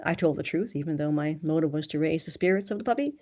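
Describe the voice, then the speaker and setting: A woman narrating a first-person novel in an even, measured reading voice. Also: low-pitched. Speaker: audiobook narrator.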